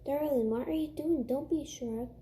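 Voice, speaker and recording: A woman's voice: high voice, moderate pace, mellow, a little hiss or hum, pitched above the performer's own voice, lightly acted. A woman voicing a bossy little girl who plays a posh salon stylist, with an affected, sing-song fake French accent, calling everyone darling.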